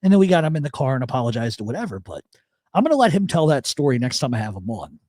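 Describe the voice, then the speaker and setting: A man hosts a live chat show, swearing freely as he spins stories and answers the chat. His voice sits in an ordinary middle pitch. The sound is dry and close, with no room around it. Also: very fast, dry recording. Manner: profane, storytelling, animated. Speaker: radio show host.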